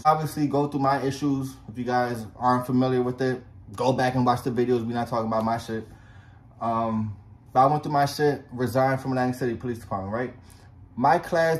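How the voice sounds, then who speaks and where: A young man, a former police officer, telling a personal story in a blunt, profane, slang-heavy casual monologue. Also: mid-range voice.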